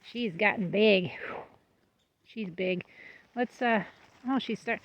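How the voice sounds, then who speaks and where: A woman's voice: mid-range voice, slow, pauses often, dry recording. A woman giving a casual vlog tour of her goat pen, chatting fondly and now and then talking to her goats. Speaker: goat breeder. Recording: slightly dull lo-fi sound.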